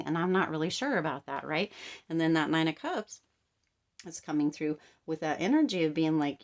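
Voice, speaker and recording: A woman giving a casual tarot reading to camera, chatty and animated, often checking in with "right?" and "okay?". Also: low voice, moderate pace. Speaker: tarot card reader.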